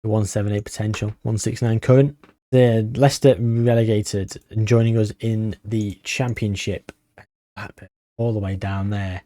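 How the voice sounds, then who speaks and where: A man commentating casually on his own video game session, chatty and wry, tired and thinking out loud. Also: lowish voice, little pitch movement, normal speed, no room sound. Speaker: gaming YouTuber.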